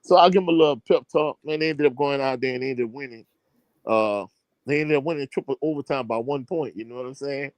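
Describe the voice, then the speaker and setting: A man, a high school coach, telling a long sports anecdote in casual chat with slang and many fillers. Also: quick pace, no echo. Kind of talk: casual podcast storytelling.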